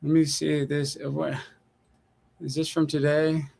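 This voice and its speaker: A man's voice: a little high, measured pace, creaky. A man hosting a late-night call-in live stream, ranting sarcastically and thinking aloud as he takes callers. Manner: animated, sarcastic ranting, thinking aloud while searching online. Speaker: call-in show host. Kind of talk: casual live-stream talk.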